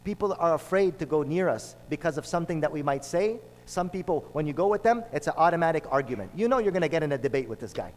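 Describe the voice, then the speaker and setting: A man's voice: a little high, expressive, quick pace, hardly any pauses. A man preaching a sermon, telling a story and driving points home with repeated phrases. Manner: storytelling, emphatic with repetitions. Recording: long hall reverb.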